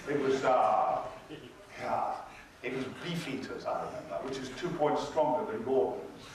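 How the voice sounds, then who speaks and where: A man's voice: mid-range voice, normal speed, crowd noise. Older man telling a theatrical story. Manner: theatrical, wry storytelling, acting out other people's lines. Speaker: convention panel guest. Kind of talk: anecdotal storytelling. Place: convention hall. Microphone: audience recording from far off. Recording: echoey hall recorded from a distance with noise.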